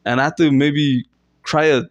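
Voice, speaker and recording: Recorded on a mic close to the camera, with dull audio, a comedy vlogger delivers an improvised, self-deprecating bit at normal speed. His intonation is fairly even as he rambles, restarts, uses fillers, and abruptly lets out squeaky fake sobs.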